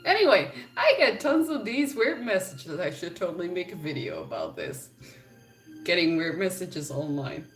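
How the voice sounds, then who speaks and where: A woman's voice: lowish voice, very animated, moderate pace, soft background music. A young woman vlogging in a casual chat to camera, telling exasperated stories and laughing often.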